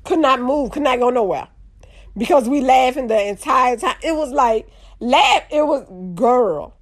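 A young woman, telling a funny story to her viewers in a lively, casual way. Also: sits high, unhurried. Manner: animated, drawling, addresses audience as y'all.

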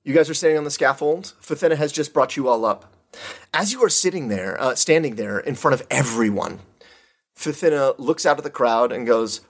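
A man's voice: mid-range voice, a little fast. Game master, male, casual descriptive narrator. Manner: relaxed, descriptive, with fillers.

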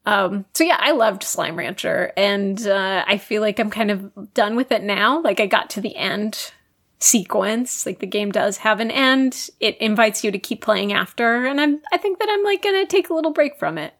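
A woman's voice: medium pitch, animated, normal speed, fairly bright tone. A woman co-hosting a podcast in casual chat, talking in a chatty way with lots of "like" fillers. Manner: chatty, frequent "like" fillers and laughs. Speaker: podcast co-host.

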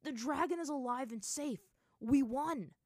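Brief: woman voicing an excited young man in a story reading, pitched up and loud. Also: measured pace, dry recording, clean studio sound. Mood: joyful. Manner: excited, shouting. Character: joyful young man shouting in relief.

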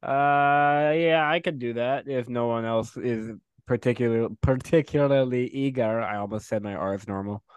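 A man playing a tabletop game, tossing out jokey deadpan quips. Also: medium pitch, normal speed, few pauses, clean tone, dry recording. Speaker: player.

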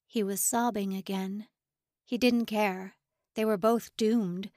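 A woman reading a story aloud as narrator, in a measured, unhurried way. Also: medium pitch, fairly even intonation, darkish tone, no echo, studio quality. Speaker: audiobook narrator. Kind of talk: scripted narration.

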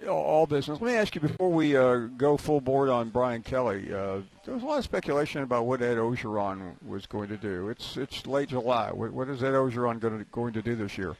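A man's voice: medium pitch, expressive, fairly quick, vocal fry, few pauses. Inquisitive man hosting a sports chat. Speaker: interviewer. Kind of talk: casual sports interview.

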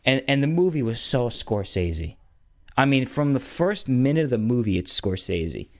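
A man's voice: medium pitch, big pitch swings, moderate pace, a little mellow. A man casually rambling about movies, with lots of fillers and slang. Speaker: movie reviewer. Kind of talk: casual chat.

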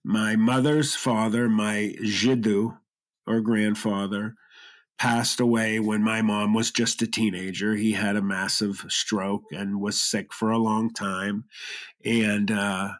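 A man's voice: fairly low pitch, fairly even intonation, slow pace. A man telling his personal story in an interview, earnest and emotional, choked up at times, often restarting his sentences. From half Lebanese, half German Irish heritage.

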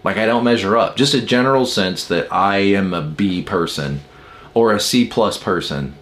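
A man's voice: fairly low pitch, moderate pace, a bit bright. A man teaching the Enneagram in an informal, emphatic way, with many rhetorical questions to his viewers.

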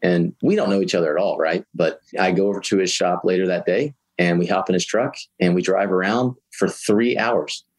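A man's voice: deep voice, fairly quick, hardly any pauses. A man from Georgia, a talkative guest telling a long story in an interview. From Georgia, USA. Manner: chatty, lively storyteller.

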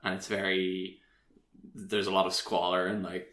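Rambling bright-voiced man chatting. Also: sits low, little pitch movement, normal speed. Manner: rambling, many fillers, laughs often. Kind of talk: casual chat. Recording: roomy echo.

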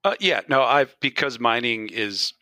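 A man's voice: mid-range voice, lively intonation, a little slow, pushed and bright, no echo. A man joining a gaming podcast as a guest, speaking modestly with fillers and restarts. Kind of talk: casual podcast chat.

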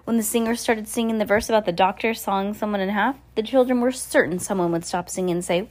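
A woman's voice: mid-range voice, fast talker, hardly any pauses, a little mellow. A woman reading a novel aloud at home into a phone, chatty and casual, stumbling over words and correcting herself. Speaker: reader.

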